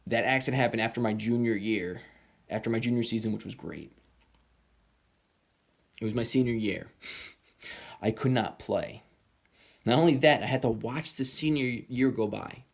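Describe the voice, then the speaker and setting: A young man tells a personal story in a candid, rambling way. He swears often and trails through restarts. When he quotes others, his voice jumps up high. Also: normal speed, creaky, pauses often.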